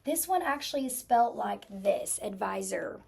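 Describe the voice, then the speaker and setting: A woman's voice: medium pitch, expressive, moderate pace, vocal fry, a little mellow, husky. A woman teaching a spelling lesson to young students, patiently sounding out words letter by letter.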